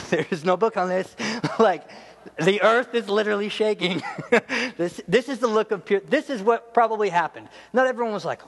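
Young male preacher, jokey and animated, slightly high voice, big hall reverb. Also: moderate pace. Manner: animated, jokey storytelling with laughs and playful voices. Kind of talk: humorous sermon.

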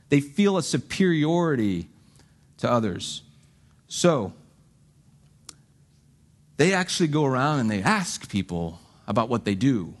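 A man preaching with a slightly higher voice. He reads verses with drama, then explains them in a relaxed, chatty way with little jokes. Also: normal speed, long pauses. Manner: conversational, joking asides, dramatic readings of scripture. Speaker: pastor. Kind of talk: sermon.

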